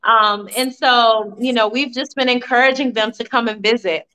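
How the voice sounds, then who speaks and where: A woman in her forties from Virginia, a podcast guest and mother, telling family stories in an animated, chatty interview. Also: a little high, normal speed, smooth, poor audio. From Virginia, USA. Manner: animated, warm storytelling with laughs. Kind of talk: casual interview storytelling.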